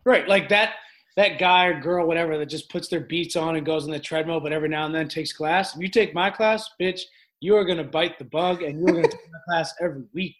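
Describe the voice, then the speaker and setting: A young man who coaches fitness classes chats as a podcast guest. His voice sits a touch high, and he tells stories in a brash, energetic way, swearing freely. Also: brisk. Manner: brash, profane, energetic storyteller. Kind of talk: casual podcast chat.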